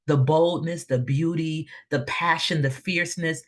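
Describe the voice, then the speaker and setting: A woman, a mother, hosting a panel over a video call and warmly thanking her panelists at its close. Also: sits low, fairly even intonation, unhurried. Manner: effusive, emotional, thankful. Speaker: host.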